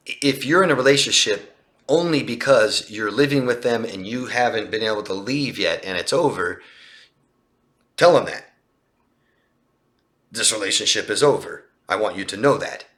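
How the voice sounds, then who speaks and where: A man's voice: mid-range voice, pushed and bright. A man answering viewer questions as a coach in a live talk, emphatic and full of rhetorical questions. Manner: emphatic, rhetorical questions, acts out quoted lines in a raised voice.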